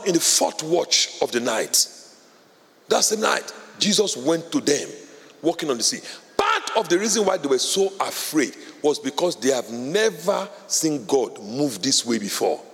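A male pastor preaching a sermon with fervor, building from quiet, urgent stretches to loud shouted declarations. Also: on the high side. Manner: fervent preaching, rising to shouts. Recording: long hall reverb.

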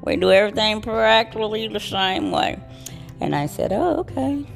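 A woman nurse telling a story in a casual, animated way, laughing as she goes. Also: mid-range voice, moderate pace, gravelly, soft background music. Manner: animated, laughing, acts out voices.

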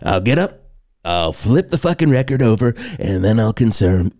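A man's voice: lowish voice, sing-song, moderate pace, a little mellow, no room sound, clean studio sound. A man hosting a comedy morning show, theatrical and flustered, swearing freely. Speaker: host.

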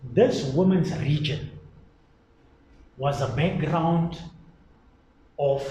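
A man preaching a sermon emphatically, swinging from loud exclaiming to low, quiet delivery. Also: drawn-out words, echoey room, muffled recording, slight background noise.

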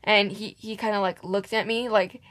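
A woman's voice: mid-range voice, normal speed. A young woman chatting casually as a podcast co-host, telling workplace stories and acting out what customers said. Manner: animated storyteller, acts out customers' lines, laughs often. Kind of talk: casual chat, storytelling.

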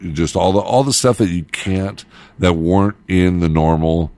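A man's voice: sits low, normal speed, mellow, dry recording. A middle-aged man, a radio host and former DJ, telling loose stories in casual chat and laughing as he goes.

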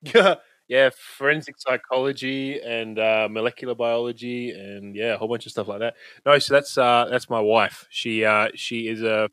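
A man with an Australian accent spins a rambling story, laughing often and swearing freely. His voice sits at an ordinary middle pitch. The sound is dry and close, with hardly any room behind it. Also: fairly even intonation, moderate pace, hardly any pauses, a bit bright, no echo. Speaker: podcast host, guest. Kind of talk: casual storytelling chat. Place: home room with bookshelves.

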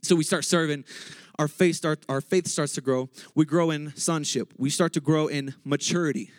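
A man preaching a casual, energetic sermon in church, joking and interrupting himself as he gets excited. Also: a little high, normal speed, no echo.

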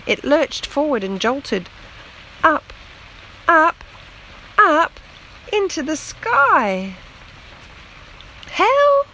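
A woman reading a children's story aloud in a slow, gentle, expressive way. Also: high-pitched, rough recording. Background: rain on the roof.

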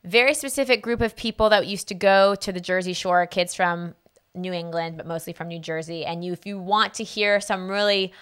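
A woman's voice: lowish voice, brisk, a bit bright, clear, resonant tone. An American woman from North Carolina, an enthusiastic guest chatting casually. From North Carolina, United States. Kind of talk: casual chat.

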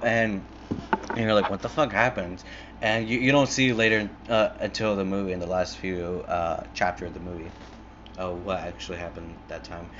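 A man's voice: deep voice, little pitch movement, moderate pace, fairly bright tone, highs cut off, a little hiss or hum. A young man in a casual, rambling monologue, filling every gap with "like" and swearing freely as he retells a film. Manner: rambling, filler-heavy, swears a lot. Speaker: movie fan retelling a film.

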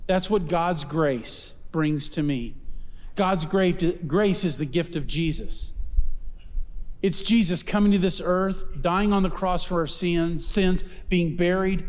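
High-pitched guy preaching hard in a big echoey church, pushes up loud on the big lines. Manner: emphatic preaching, rising to loud calls for the congregation to answer. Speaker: pastor. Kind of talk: sermon. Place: church auditorium. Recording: long reverb of a large hall.

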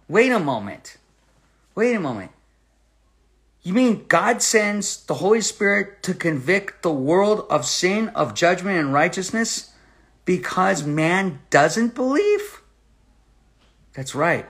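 A man with a fairly high voice preaching in an emphatic sermon style. He reads scripture slowly, leaning on each word, and keeps asking his listeners pointed questions. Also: big pitch swings, fairly bright tone, breathy edge. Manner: reads scripture aloud with slow stress. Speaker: Bible teacher. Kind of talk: sermon-style Bible teaching.

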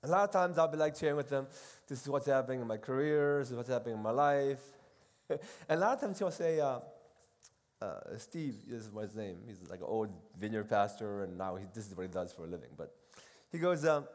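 A middle-aged man and seminary professor giving a casual, animated talk at a retreat, moving between loud and soft as he acts out quoted voices. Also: on the high side, fairly quick. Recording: long hall reverb.

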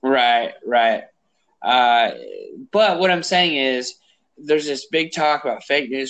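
Slow-talking ranting male podcast host. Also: a bit bright, smooth, low-quality recording. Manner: profane, ranting, rising pitch when angry. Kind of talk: casual political talk.

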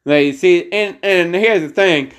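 A man's voice: high voice, a bit bright. A man co-hosting a casual podcast, reading a news story aloud and talking with many fillers and restarts. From United States. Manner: halting, heavy on fillers like "like" and "uh". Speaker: podcast co-host.

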